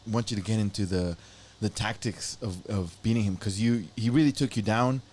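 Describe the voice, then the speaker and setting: A man's voice: fairly low pitch, normal speed, darkish tone. A man co-hosting an interview, affirming the guest and steering with questions. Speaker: podcast co-host. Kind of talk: casual interview chat.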